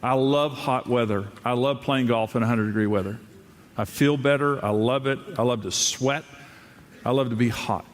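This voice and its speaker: Older male pastor, jokey marriage-sermon delivery with a middle-pitched voice, live room with faint crowd noise. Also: moderate pace, in a large hall. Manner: humorous storytelling, voice jumps up when mimicking others. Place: large room with a live audience.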